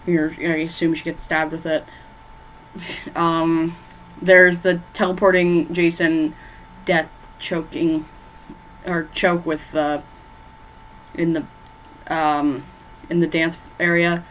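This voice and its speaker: A woman's voice: low voice, flat delivery, takes it slowly, pauses often, fairly bright tone, slight background noise, rough recording. A woman ranking horror movies in a rambling, casual chat from her bedroom, full of fillers and stumbling over names. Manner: rambling, filler-heavy, loses track of names. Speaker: movie vlogger.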